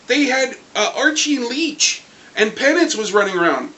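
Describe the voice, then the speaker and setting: High, bright-voiced man ranting. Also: moderate pace, poor audio. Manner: excitable, swears often. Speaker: comic book fan vlogger. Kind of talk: angry review rant.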